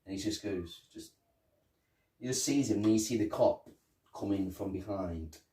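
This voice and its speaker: A man's voice: on the low side, moderate pace, mellow. A man co-hosting a podcast, chatting casually about a TV episode and acting out lines from scenes. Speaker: podcast co-host. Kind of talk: casual chat reviewing a TV episode. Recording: roomy, distant mic.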